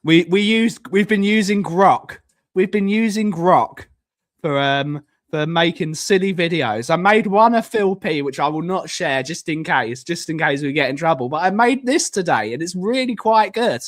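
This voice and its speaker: A man from the United Kingdom chats casually on his live stream, drifting between thoughts, repeating himself and cracking jokes. His voice is a little on the high side, animated and at a normal speed.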